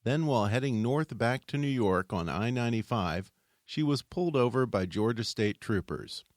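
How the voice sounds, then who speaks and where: A man hosting, reading scripted narration in a measured, dramatic way. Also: medium pitch, lively intonation, no echo, studio quality. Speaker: host.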